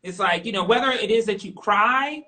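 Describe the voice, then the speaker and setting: A middle-aged woman speaking candidly as an interview guest, emphatic and animated, repeating her points for stress. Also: medium pitch, moderate pace, low-quality recording.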